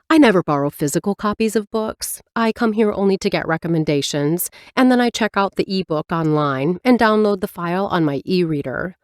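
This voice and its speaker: A woman's voice: fairly low pitch, darkish tone, no echo, clean studio sound. A woman reading a first-person romance audiobook in a light, reflective storytelling manner. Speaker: audiobook narrator.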